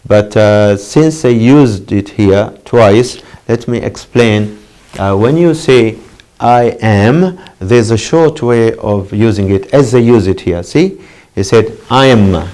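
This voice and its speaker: A middle-aged man teaching an English lesson for distance learners, halting with many fillers and lifting his voice to model phrases. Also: dark tone. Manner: pitch jumps up when modeling phrases.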